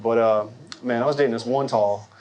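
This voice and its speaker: A man's voice: medium pitch, brisk, slight background noise. A man in his forties doing a stand-up set before a live audience in a large hall, wry, and talking to the crowd. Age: 40s. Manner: lively, wry, talks to the crowd. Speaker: stand-up comedian.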